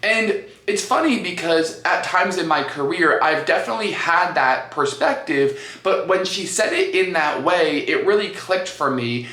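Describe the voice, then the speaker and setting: A man hosting a coaching podcast, talking in an energetic, conversational way. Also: fairly high pitch, measured pace, hardly any pauses. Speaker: business coach and podcast host. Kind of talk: podcast monologue. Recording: echoey room.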